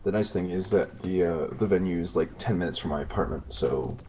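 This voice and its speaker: A man's voice: sits low, fairly quick, a little mellow. A man on voice chat talking easygoingly with gaming friends and swearing casually. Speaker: guest player on voice chat. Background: game music.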